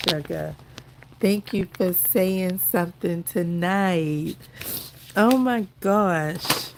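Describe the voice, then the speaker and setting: Woman streamer, teary and effusive, slow unhurried delivery, faint ambient hum behind her. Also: lowish voice, darkish tone. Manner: gushing, repeats exclamations, addresses viewers as y'all. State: teary, near crying. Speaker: crafting livestream host. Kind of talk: emotional casual livestream chat. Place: indoors at home.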